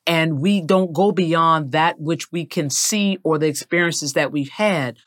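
An interviewer in their sixties from the American South who speaks in a measured, emphatic way and gives reflective advice. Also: medium pitch, fairly bright tone.

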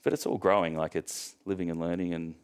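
A young Australian man chatting casually as a podcast guest, joking and relaxed, with lots of ums. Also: sits low, fairly quick, clean tone. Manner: joking, relaxed storytelling with fillers. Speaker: guest, professional bodybuilder.

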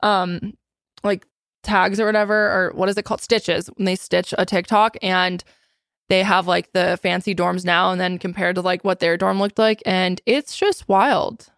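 A woman's voice: on the low side, fairly even intonation, normal speed, a bit bright, no echo, studio quality. A woman in her late twenties hosting a podcast in casual chat, playful and jokey with swearing. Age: 20s. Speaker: podcast host.

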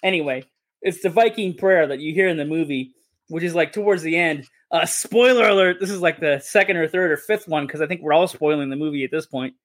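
High-voiced man rambling about a movie. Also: fairly quick. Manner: rambling, self-correcting, enthusiastic. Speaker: podcast co-host. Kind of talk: casual movie discussion.

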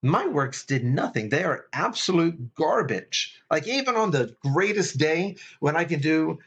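A man's voice: a little high, big pitch swings, a little slow, fairly bright tone, slightly rough, lo-fi sound. A middle-aged man, a chaplain, giving an earnest, casual faith talk, thinking aloud with restarts.

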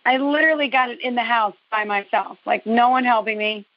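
Calling in from New Jersey, a woman spins a long, detailed, meandering tale with a touch of sarcasm. She talks fairly quickly in a higher register, and the call audio is dry, dull and lo-fi with no echo.

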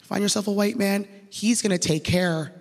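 A woman's voice: mid-range voice, fairly even intonation, moderate pace, background noise, close to an everyday voice. A woman voicing her pushy middle-aged mother who keeps insisting on her advice. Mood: insistent. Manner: insistent, repeats herself. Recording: reverberant stage sound with long echo.

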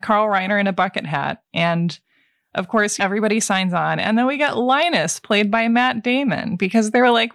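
A woman hosting a casual podcast, recapping a film in a wry, animated way with quoted asides. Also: mid-range voice, moderate pace, gravelly, no room sound, clean studio sound. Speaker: podcast host summarizing a film.

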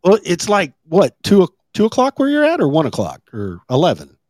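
A man's voice: sits high, huge pitch swings, dry recording, studio quality. A man co-hosting a casual online talk show, swearing freely and laughing often. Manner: loud, swearing, quick to laugh. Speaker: co-host. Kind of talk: casual banter.

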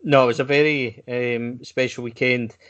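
A man hosting a podcast, talking in a casual, halting way with fillers. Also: medium pitch, fairly even intonation, fairly bright tone, smooth, muffled recording. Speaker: podcast host. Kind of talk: casual chat.

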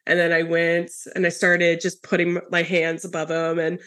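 A woman hosting a podcast, telling a story in a lively, casual way with many fillers. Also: lowish voice, normal speed. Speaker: podcast host. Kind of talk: casual conversational interview.

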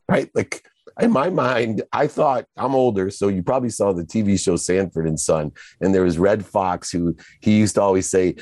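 A man's voice: fairly low pitch, normal speed, dark tone, no room sound. A middle-aged man, a guest in an interview, telling his story emphatically.

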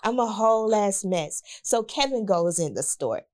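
A woman telling a story in casual chat, animated and laughing often as she acts out what people said. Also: medium pitch, normal speed.

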